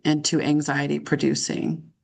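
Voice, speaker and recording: A woman practicing as a counselor, calmly paraphrasing and reflecting back what she hears. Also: deep voice, moderate pace, gravelly. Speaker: counselor in training.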